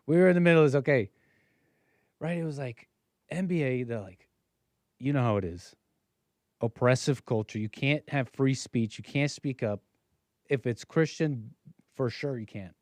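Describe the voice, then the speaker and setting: A man's voice: mid-range voice, unhurried, pauses often, darkish tone, dry recording. Male live-stream host, casual and rambling, mid-range voice, dry close-mic sound. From United States. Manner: chatty, jumps between topics. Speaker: livestream host.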